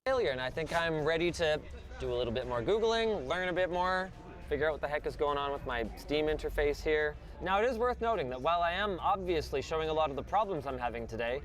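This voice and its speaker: A man hosting a tech video, commenting excitedly as he tries games and software. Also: a little high, fast talker. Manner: excitable, exclamatory while gaming.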